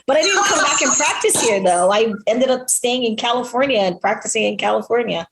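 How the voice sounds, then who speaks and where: A middle-aged woman from Hawaii with a softened Hawaiian Pidgin accent, chatting as a podcast guest and laughing often at herself. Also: fairly high pitch, lively intonation, fairly quick. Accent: Hawaiian Pidgin, held back. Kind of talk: casual interview chat. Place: at home in Hawaii, on a remote call.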